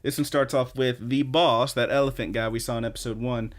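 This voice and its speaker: Young guy on a podcast, hyped and sweary, says like a lot, regular middle pitch. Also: a little fast. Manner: excited, profane retelling with many "like"s. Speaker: podcast co-host. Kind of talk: casual podcast chat.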